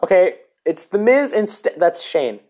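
A man's voice: sits high, very animated, a little slow, a little mellow. Rambling, swearing podcast host, man. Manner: rambling, swears, interrupts and corrects himself. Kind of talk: casual solo podcast rant.

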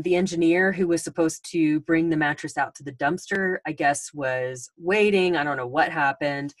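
Woman, 40s, podcast host; casual storyteller, filler-heavy, low register, dry close mic. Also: no echo. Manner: chatty, with many ums and restarts.

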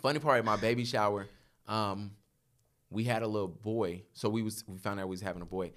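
Animated low-voiced man telling stories. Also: brisk. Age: 30s. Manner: animated, laughing storyteller. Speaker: podcast guest. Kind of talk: casual storytelling chat.

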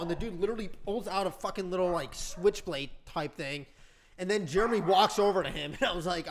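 Fast, high-voiced young man. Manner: quick, animated retelling. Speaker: friend telling a story. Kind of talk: casual storytelling among friends.

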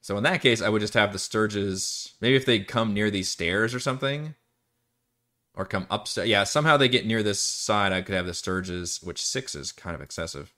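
A man's voice: fairly low pitch, moderate pace, sharp tone. A man from Texas, a dungeon master rambling casually through campaign prep on a live stream, restarting sentences and cursing now and then. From Texas, USA.

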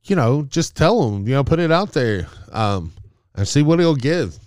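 A man's voice: mid-range voice, sing-song, moderate pace, darkish tone. A man in casual chat, laid-back and profane, laughing often.

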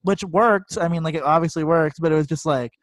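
A man's voice: on the high side, a little fast, no echo. A man co-hosting a podcast, talking hockey in a laid-back, joking way, hedging with "I feel like.". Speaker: podcast co-host. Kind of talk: casual sports chat.

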